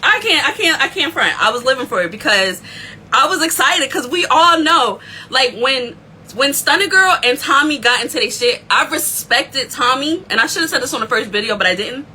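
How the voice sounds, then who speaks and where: Woman, recap host, casual chat, excitable, bright voice, slightly high. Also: moderate pace, slight background noise, rough recording. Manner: excitable, animated storytelling.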